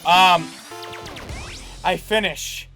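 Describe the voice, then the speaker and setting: A man with a high, bright and sharp voice tells a story in casual podcast chat. He rambles and restarts, stays animated throughout, and faint music sits behind him. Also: drawn-out words. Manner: rambling, animated anecdote-telling with restarts and laughter. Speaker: podcast co-host.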